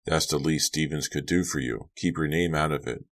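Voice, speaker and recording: A man voicing a middle-aged police lieutenant and father who speaks in a flat, matter-of-fact way. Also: extremely low pitch, normal speed.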